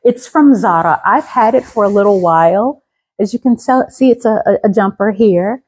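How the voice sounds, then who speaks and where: A woman in her fifties from Louisiana, raised in Colorado, chatting enthusiastically as a fashion vlogger with the crisp diction of a trained singer, often repeating her phrases. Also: mid-range voice, normal speed, darkish tone, low-quality recording. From Louisiana, raised in Colorado from seventeen. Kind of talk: casual outfit show-and-tell.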